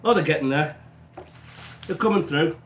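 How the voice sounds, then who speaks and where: A man's voice: on the high side, moderate pace, echoey room, slight background noise. A man with an English accent, hosting a live cooking stream, chatting and answering viewers, with a stuffy nose and an occasional cough. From England. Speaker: cooking livestream host. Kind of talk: casual live-stream chat while baking. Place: small home kitchen.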